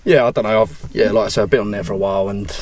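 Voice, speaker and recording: A man's voice: on the low side, steady tone, very fast, a little mellow. A man, a podcast guest in casual chat, blunt and self-mocking.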